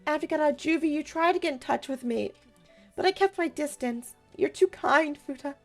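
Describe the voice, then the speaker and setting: A woman reading out a video game's dialogue for an earnest, guilt-ridden young man in her own high voice. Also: fairly quick, faint music behind. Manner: reading game dialogue aloud.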